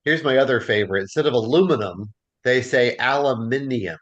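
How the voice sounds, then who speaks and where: A man's voice: medium pitch, fast talker, highs cut off. Casual man leading a Bible class. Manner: relaxed, chatty, many fillers.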